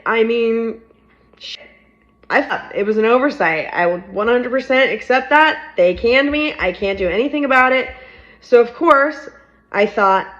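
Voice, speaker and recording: A woman's voice: a little high, a bit bright. A young woman telling a candid, casual story to camera about being fired and starting her own company. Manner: candid, frank, upbeat. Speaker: startup founder. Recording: slightly dull lo-fi audio.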